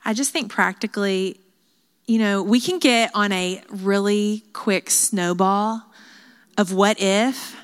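A woman leading a women's Bible study, talking in an earnest, conversational way full of asides and small fillers. Her voice sits at an ordinary middle pitch. It carries a long reverb, as if she is speaking in a large hall. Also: takes it slowly, clean tone.

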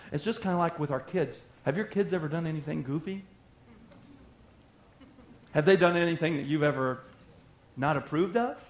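A man preaching a sermon in an animated way, slipping into little acted-out voices of everyday people. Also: a little high, slight background noise. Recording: roomy echo.

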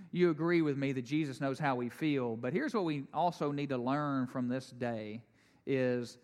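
A man preaching a sermon, animated and conversational, with jokes and asides to the congregation. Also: fairly high pitch, long reverb tail. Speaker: pastor.

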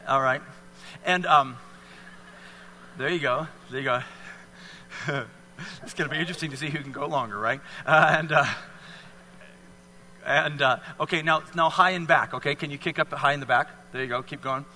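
A man's voice: fairly high pitch, moderate pace, long pauses, bright, forceful tone, big-room sound, slight background noise. A man leading a live fitness demonstration for an audience, coaching volunteers with encouraging, repeated cues. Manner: encouraging, coaxing, repetitive cues.

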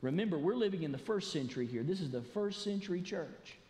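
A man preaching a sermon as pastor, animated and building to emphatic shouts. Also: high voice, fast talker. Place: church sanctuary. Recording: echoey church hall.

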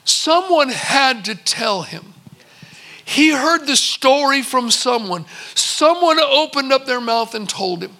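A man's voice: very high voice, lively intonation, takes it slowly, pushed and bright. A man preaching a sermon as pastor, telling Bible stories and his own experiences with vivid retold dialogue. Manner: storytelling, acts out servants and a visitor in quotes.

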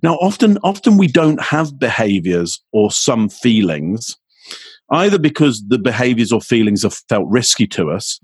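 A man speaking as a communications expert guest in an interview, energetic and acting out little exchanges as he explains. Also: husky, no room sound. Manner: energetic, acts out quoted exchanges with rising pitch. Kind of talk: animated interview answer.

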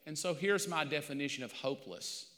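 A middle-aged pastor preaching a sermon, telling a personal story with animated back-and-forth dialogue. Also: male voice, a little high, fairly quick. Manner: animated storytelling, acting out both sides. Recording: long church reverb.

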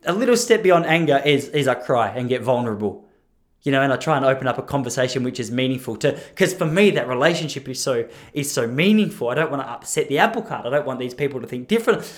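A man's voice: medium pitch, animated, fast. A man in his thirties, talking casually and rambling as a podcast host, joking at his own expense and laughing at his own lines. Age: 30s. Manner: chatty, self-mocking, laughs at own jokes.

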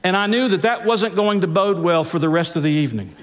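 A man preaching a sermon as pastor, swinging his pitch and drawing words out for emphasis. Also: brisk. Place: large church hall. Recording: echoey church hall.

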